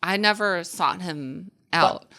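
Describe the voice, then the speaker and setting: A woman's voice: fairly low pitch, takes it slowly, pushed and bright. A woman in her forties, a podcast guest, chatting casually with a playful, giggly manner. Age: 40s. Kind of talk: casual interview chat.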